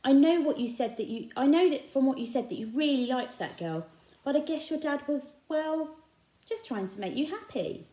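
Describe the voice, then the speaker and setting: A woman voicing a kindly, eccentric adult male shopkeeper with a gentle, earnest manner. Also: high-pitched, animated, normal speed, pitched above the performer's own voice. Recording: echoey room.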